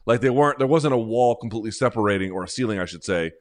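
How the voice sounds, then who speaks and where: A man with a fairly low voice hosts a casual talk show. He rambles along, sarcastic and self-mocking, with a comedic bent. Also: racing. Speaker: podcast host.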